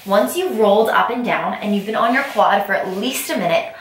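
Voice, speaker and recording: A woman's voice: mid-range voice, expressive, fairly quick. Echoey, distant woman coaching foam rolling. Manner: upbeat coaching, addresses viewers as you guys. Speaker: fitness instructor. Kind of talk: instructional workout video. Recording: very echoey room, mic far off.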